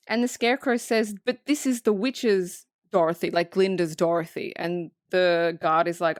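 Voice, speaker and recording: A woman co-hosting a podcast, recapping a film in casual, profane, animated chat. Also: mid-range voice, moderate pace, no echo, studio quality. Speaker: podcast co-host.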